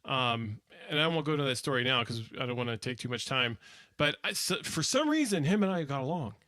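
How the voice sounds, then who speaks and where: A man's voice: mid-range voice, very animated, a little fast, bright, forceful tone, no echo. A man co-hosting a podcast in loose, profane casual chat, laughing often. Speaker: podcast co-host.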